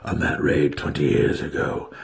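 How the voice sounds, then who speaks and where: Man doing a low, brooding dark elf wizard. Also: moderate pace, vocal fry, full character voice.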